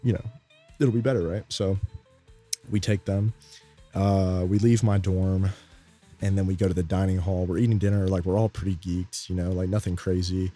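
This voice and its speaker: A man's voice: low voice, little pitch movement, normal speed, dark tone, soft background music. A young man telling a story in a rambling, laid-back way, full of fillers. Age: young adult. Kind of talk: casual storytime.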